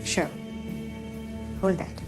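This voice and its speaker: A woman tutoring a child one-on-one in an encouraging, coaxing way. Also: drawn-out words. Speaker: teacher. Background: music.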